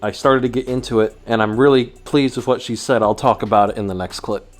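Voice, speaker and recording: A man's voice: mid-range voice, steady tone, a little fast. A young man in his twenties with a Midwestern American accent, rambling through a casual vlog and often breaking off mid-sentence. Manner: rambling, self-interrupting, laughs often. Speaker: vlogger.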